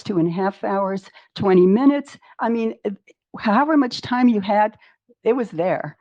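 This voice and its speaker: A woman in her eighties telling her story as a podcast guest, animated, acting out her own inner dialogue and laughing often. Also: medium pitch, dry recording, dull audio. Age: 80s. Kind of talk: personal storytelling in an interview.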